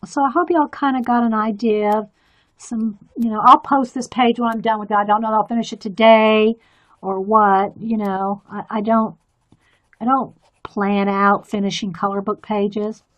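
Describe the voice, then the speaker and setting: A woman's voice: medium pitch, fairly even intonation, normal speed, lo-fi sound. A woman chatting in a rambling, easygoing way and laughing often while she colors on a live stream. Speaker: artist streaming a coloring demo. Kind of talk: casual chat while drawing.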